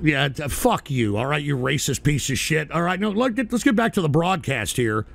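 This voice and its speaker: A man hosting a call-in stream, ranting angrily and profanely, shouting in bursts. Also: a little high, lively intonation, normal speed, vocal fry, very noisy. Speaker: radio show host.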